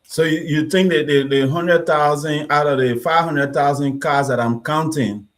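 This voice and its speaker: A man's voice: a little high, fairly even intonation, moderate pace. Man hosting, arguing numbers. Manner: argumentative, works through figures aloud. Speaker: talk show host. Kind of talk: live online discussion.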